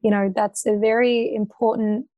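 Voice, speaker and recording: A woman's voice: fairly high pitch, level tone, moderate pace, no echo, lo-fi sound. Earnest young Australian woman, dry close sound. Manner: earnest and passionate, laughs easily. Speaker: podcast guest. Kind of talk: casual interview chat.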